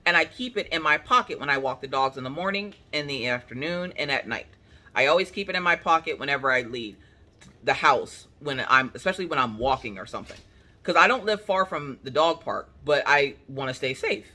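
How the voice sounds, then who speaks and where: A woman crafting-channel host from Pennsylvania, telling a story in casual chat, animated and colloquial, acting out what people said. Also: sits low, fairly quick. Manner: animated, colloquial, acts out quotes.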